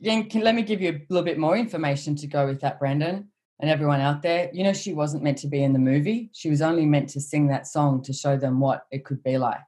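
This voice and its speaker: A woman's voice: low voice, quick pace, warm tone. A woman co-hosting a casual chat, enthusiastic and encouraging, speaking directly to listeners. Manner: enthusiastic, encouraging, talks to the audience. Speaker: co-host and facilitator.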